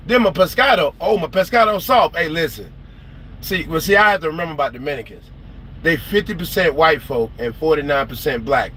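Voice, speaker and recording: Animated man ranting, bright high voice. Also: fairly quick, a little hiss or hum. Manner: animated, profane, acts out quoted people. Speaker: trucker vlogger. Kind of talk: casual storytelling rant. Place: porch, outdoors.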